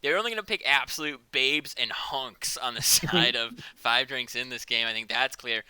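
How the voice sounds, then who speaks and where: Guy casting esports live, super bright voice, jokey and excitable, dry close mic. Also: medium pitch, clear, resonant tone, dry recording. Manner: joking, excitable, fast analytical patter. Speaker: esports caster.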